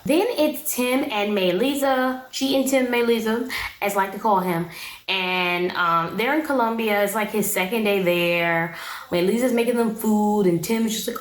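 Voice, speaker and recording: A woman's voice: medium pitch, roomy sound, rough recording. A young woman giving a casual, opinionated recap of a reality show in a slangy, chatty way.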